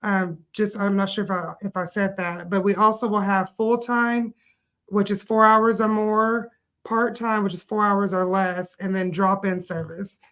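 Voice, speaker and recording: A woman who owns an adult day care business, explaining her services in a measured way with frequent fillers. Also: mid-range voice, steady tone, a bit bright. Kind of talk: casual interview answers.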